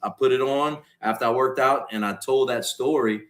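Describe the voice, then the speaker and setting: On a podcast, a Louisiana Cajun-accented guest, a comedian and content creator in his forties, spins casual stories and performs quotes at full volume. His voice sits mid-range and moves at a normal speed.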